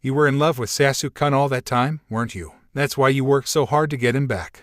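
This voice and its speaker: A man's voice: medium pitch, brisk, no room sound, clean studio sound, natural voice. A man voicing a jealous young female medic ninja who hurls accusations, in a fan-story reading. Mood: furious. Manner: shouting accusations.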